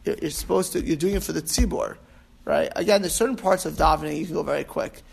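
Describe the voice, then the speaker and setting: A man's voice: on the high side, quick pace, vocal fry, breathy edge. A man teaching an informal class on prayer, rambling and restarting with emphatic asides. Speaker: rabbi teaching about prayer.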